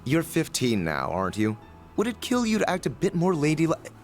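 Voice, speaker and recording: A man's voice: fairly high pitch, huge pitch swings, over music. Dry, composed young nobleman. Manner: measured, dry. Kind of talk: video game voice acting.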